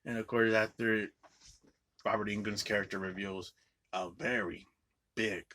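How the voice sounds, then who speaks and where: A man giving a casual, rambling movie review, swearing a lot and filling every pause with filler words. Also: lowish voice, fairly even intonation, pushed and bright, a little hiss or hum. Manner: rambling, profane, filler-heavy with frequent "like".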